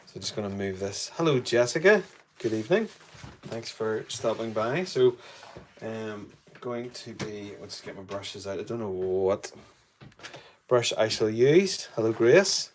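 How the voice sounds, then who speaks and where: An art tutor with a Northern Irish accent streams a live painting demo, chatting casually and greeting viewers by name. His fairly low voice is animated and unhurried, with a little hiss or hum on the recording.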